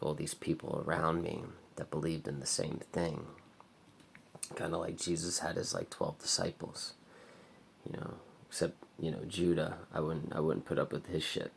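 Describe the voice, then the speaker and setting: Man vlogger with a very low, gravelly voice. He talks in a rambling, halting monologue that at times sinks to a murmur. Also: a little hiss or hum. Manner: rambling, halting, heavy on filler "like". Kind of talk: confessional monologue.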